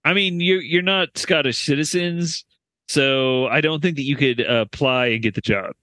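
A man's voice: on the high side, normal speed, no echo. A man co-hosting a comedy podcast, reading out a news story with quoted passages in casual chat. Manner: animated, reads quotes from an article.

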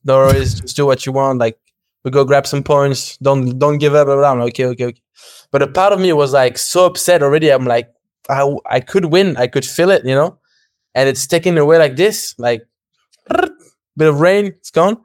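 A young man appearing as a podcast guest tells a story in energetic, casual chat, acting out quoted dialogue, laughing often, and swearing a little. His medium-pitched voice is smooth and resonant and moves fairly quickly, captured on a dry, close mic with no echo.

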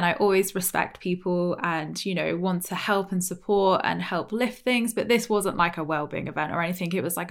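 A woman hosting a solo podcast, talking in a chatty, emphatic way with many "like" and "you know" fillers. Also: fairly low pitch. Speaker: podcast host.

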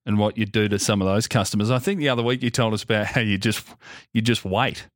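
A man's voice: lowish voice, quick pace, no room sound. Laughing Australian man, dry close sound. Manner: animated, laughing, profane storytelling. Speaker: podcast co-host. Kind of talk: casual chat.

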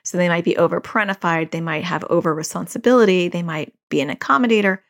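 A woman's voice: on the low side, fast. A woman in her forties hosting a podcast, giving casual parenting advice and repeating key phrases for emphasis. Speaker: podcast host and parenting coach.

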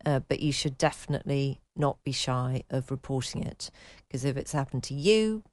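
A podcast co-host talks in a relaxed chat, earnest and practical as they hand out advice. The voice sits at a middling pitch. The sound is close and dry, with no room around it. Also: normal speed, dry recording. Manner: earnest, advising. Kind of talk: casual chat.

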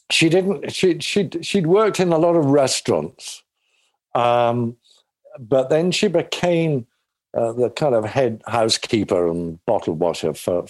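A man's voice: mid-range voice, darkish tone, dry recording. A man from England, a guest actor in an interview, telling stories in a rambling way with many restarts. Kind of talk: casual interview talk.

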